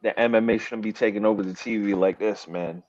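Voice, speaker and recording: A man's voice: fairly low pitch, steady tone, a little fast, a little mellow, dull audio. A man co-hosting a podcast in casual chat, telling stories loosely with fillers and frequent laughs. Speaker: podcast co-host.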